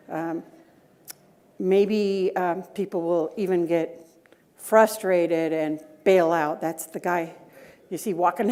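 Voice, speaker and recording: Middle-aged woman speaker, mid-pitched, tells anecdotes and checks in with the audience. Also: a little mellow. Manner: storytelling, asks the audience rhetorical questions. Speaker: conference speaker, data governance director. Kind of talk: conference talk with personal anecdotes. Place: conference breakout room.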